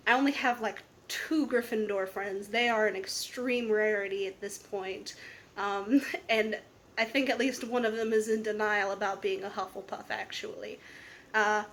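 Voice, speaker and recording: A woman's voice: mid-range voice, fairly even intonation, moderate pace, a bit bright, slight background noise. A young woman chatting casually on her vlog, answering tag questions with candid asides and frequent fillers. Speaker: book vlogger.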